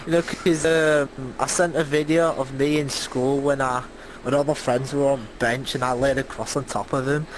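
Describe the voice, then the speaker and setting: Excitable teenage boy with a Leeds accent. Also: medium pitch, measured pace, slight background noise, poor audio. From Leeds, England. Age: teens. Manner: rambling, excitable storytelling with fillers. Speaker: podcast co-host. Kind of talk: casual chat.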